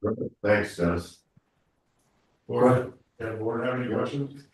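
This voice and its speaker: A man's voice: mid-range voice, measured pace. A congested man leading a town board meeting, talking in a rambling way with many restarts. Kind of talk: public meeting discussion. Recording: echoey room, mic far off.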